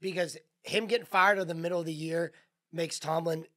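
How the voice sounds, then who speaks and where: A man's voice: fairly high pitch, fairly even intonation, a little fast, fairly bright tone. A man co-hosting a sports talk show, getting worked up and firing off exclaimed questions. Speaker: co-host.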